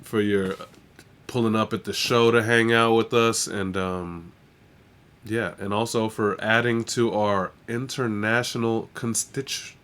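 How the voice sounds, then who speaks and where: A man's voice: lowish voice, fairly even intonation, a little slow, a bit bright. A man hosting a live stream, chatting casually in a slangy, laid-back way and swearing freely. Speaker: stream host and rapper.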